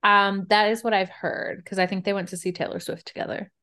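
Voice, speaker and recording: A woman's voice: medium pitch, level tone, fairly quick, sharp tone. A young woman with a slight Southern accent, co-hosting a podcast in casual, bubbly chat and laughing often. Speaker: podcast co-host.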